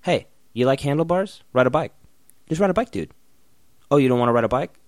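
A young man in a casual, profane rant, blunt and loud in bursts, then muttering. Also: mid-range voice, lively intonation, brisk, dry recording, studio quality. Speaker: vlogger.

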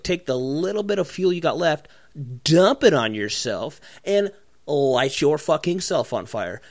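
A man co-hosting a casual podcast, ranting in a profane, mocking way and acting out other people's voices. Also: mid-range voice. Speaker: podcast co-host. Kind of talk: profane comedic rant.

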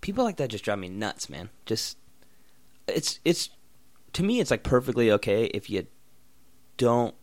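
A man's voice: mid-range voice, sing-song, unhurried, pauses often, dry recording. Young man, casual rant, heavy swearing, blunt, dead-dry recording. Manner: blunt, swearing, loud bursts then mutters. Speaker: vlogger.

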